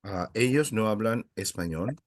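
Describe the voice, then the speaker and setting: A man's voice: on the low side, expressive. Patient man teaching, full of "uh"s. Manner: halting, with many "uh" fillers; patient and encouraging. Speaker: Spanish teacher. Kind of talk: teaching a beginner language class.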